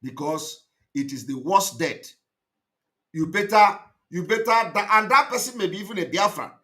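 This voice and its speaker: Emphatic man, lively high voice. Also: moderate pace. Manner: emphatic, repetitive, swings between loud outbursts and low asides. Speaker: online show host. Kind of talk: impassioned commentary monologue.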